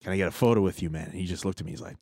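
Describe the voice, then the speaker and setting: Man, radio co-host, lowish voice, dry studio, rambling casual talk. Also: very fast, dark tone, no echo. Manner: rambling, filler-heavy storytelling. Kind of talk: casual sports radio chat.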